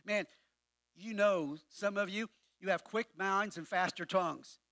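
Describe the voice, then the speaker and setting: A man's voice: high voice, measured pace, a bit bright, no room sound. A man pastor preaching a sermon in a conversational way, often repeating words as he restarts, with wry humorous asides. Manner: conversational with frequent word repetitions.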